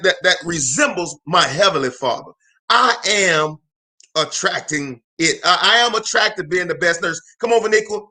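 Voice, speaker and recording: A man hosting a live motivational talk alone in a room, energetic and emphatic, repeating phrases and calling out to viewers like a preacher. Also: sits high. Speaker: motivational speaker and show host.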